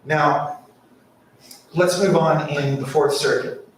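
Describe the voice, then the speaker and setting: A man's voice: on the high side, steady tone, takes it slowly, a little hiss or hum. A man giving an impassioned public comment at a city council meeting, asking rhetorical questions. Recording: echoey council chamber mic from far off.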